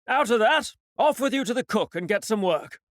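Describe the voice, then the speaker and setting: A man's voice: extremely high pitch, sing-song, normal speed, fairly bright tone, dry recording, clean studio sound, pitched above the performer's own voice, heavily acted. A man voicing a stern, strict ship's captain who barks curt orders.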